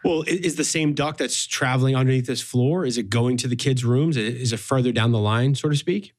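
A man's voice: medium pitch, fairly quick. A man working as a building engineer, explaining a problem on a radio show while thinking aloud with many "you know"s.

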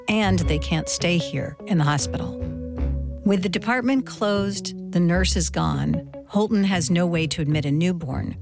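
A woman reporter narrating a documentary story in a measured, plain way. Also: on the low side, creaky. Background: soft guitar music.

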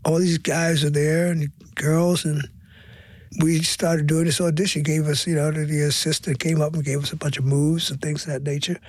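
An older man telling stories in an interview, expressive and repeating words, sometimes dropping to a hush for emphasis. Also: fairly high pitch, slightly rough, dry recording. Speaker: guest, stage performer. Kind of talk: interview storytelling.

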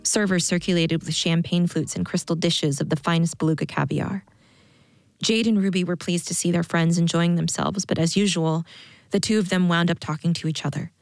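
A woman narrating a story in a calm, measured audiobook style. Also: on the low side, gravelly, dry recording, studio quality.

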